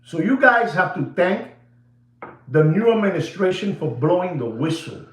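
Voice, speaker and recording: High pitched guy ranting on his livestream, keeps repeating stuff, bits of spanish, roomy echo. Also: very animated, moderate pace. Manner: emphatic, repetitive, switches into Spanish phrases. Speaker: watch seller livestream host. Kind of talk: animated livestream rant.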